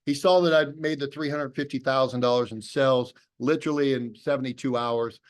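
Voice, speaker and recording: A man's voice: mid-range voice, fairly even intonation, a little fast. A man giving a motivational talk to an audience over a video call, telling a story and acting out both sides of remembered conversations. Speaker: business opportunity presenter.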